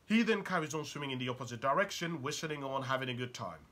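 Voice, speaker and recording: A man's voice: mid-range voice, expressive, fast, pushed and bright. A man talking as a life coach in a motivational monologue, firing off emphatic rhetorical questions.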